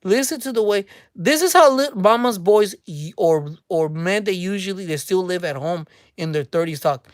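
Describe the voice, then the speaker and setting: A woman's voice: medium pitch, animated, brisk, no room sound, studio quality. A woman hosting a casual commentary rant, mocking and speculative, repeating her phrases for emphasis. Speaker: commentary channel host.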